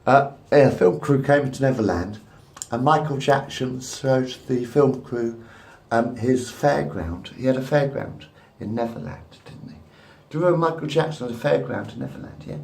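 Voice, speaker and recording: A man's voice: mid-range voice, moderate pace, gravelly, a little mellow. A man in his fifties rambling crudely and repetitively to a camera at home. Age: 50s. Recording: echoey room.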